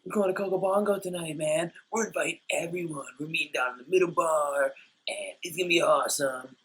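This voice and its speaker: A man's voice: on the high side, brisk, a bit bright, husky, voice pushed up, low-quality recording. A man putting on the voice of an overexcited young male party tourist. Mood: hyped.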